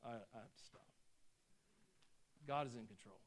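A man preaching a sermon with passion, swinging from loud bursts to hushed, quiet passages. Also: medium pitch, moderate pace, a little hiss or hum. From United States.

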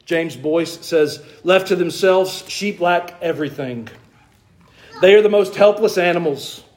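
A man's voice: sits high, a little slow. A man from the American South preaching a sermon to his congregation, with earnest emphasis, and asking them questions. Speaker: pastor. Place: church.

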